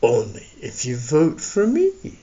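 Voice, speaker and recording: A man reading an audiobook, voicing a brash, bossy woman winemaker who booms and teases. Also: wildly swooping pitch, takes it slowly, warm tone, husky, muffled recording, heavily acted. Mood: booming. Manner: booming, teasing.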